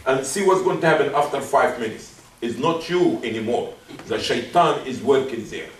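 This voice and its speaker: A man's voice: medium pitch, expressive, moderate pace, slight background noise. Man, preacher, emphatic, repeats himself, far from mic, roomy hall. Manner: emphatic, repeats key phrases; acts out soft apologetic asides. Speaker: Friday sermon preacher. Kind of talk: Friday sermon. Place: mosque hall.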